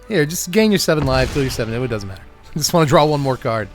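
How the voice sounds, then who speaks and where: A man's voice: mid-range voice, expressive, fast, faint music behind. A man hosting a card game channel, giving wry, joking gameplay commentary and chuckling often.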